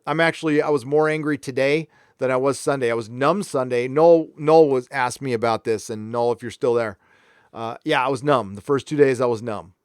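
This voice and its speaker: A man's voice: medium pitch, brisk, clear, resonant tone, no echo, clean studio sound. A man from San Diego hosting a live stream, talking frankly and rambling as he reads out viewer comments. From San Diego, California. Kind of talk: casual live stream chat.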